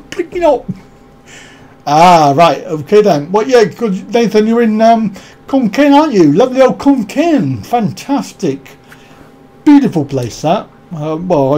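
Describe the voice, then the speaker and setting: A man's voice: high voice, dark tone. A man hosting a casual live stream, rambling and joking as he greets viewers by name and answers their comments.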